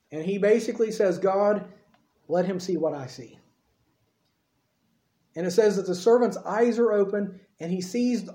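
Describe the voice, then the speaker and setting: A man preaching a sermon, telling the story in an animated way and acting out the quotes himself. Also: high voice, reverberant. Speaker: pastor.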